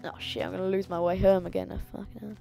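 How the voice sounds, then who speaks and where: A woman's voice: lowish voice, little pitch movement, fast talker, gravelly, dark tone, soft background music. A woman giving rambling, sweary let's play commentary. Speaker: gamer.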